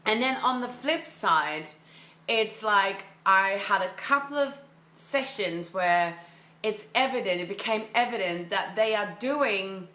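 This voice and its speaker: A woman mindset coach delivers an enthusiastic, casual motivational monologue, full of fillers and repeated phrases for emphasis. Her voice sits at medium pitch with a sharp tone, moving a little slowly in a reverberant space.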